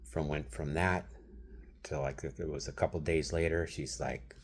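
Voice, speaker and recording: A man's voice: extremely low pitch, steady tone, normal speed, slight background noise. A man in his thirties venting in a rambling monologue to camera, addressing someone who isn't there and dropping into whispered asides. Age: 30s. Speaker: vlogger.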